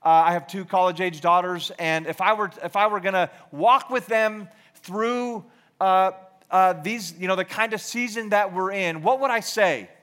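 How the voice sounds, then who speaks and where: Guy in his 40s giving a chatty sermon, kinda high voice, lots of ums and restarts, pokes fun at himself. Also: normal speed, a bit bright. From Georgia, US. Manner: rambling, self-deprecating, many fillers and restarts. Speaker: youth ministry speaker. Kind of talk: casual sermon with storytelling.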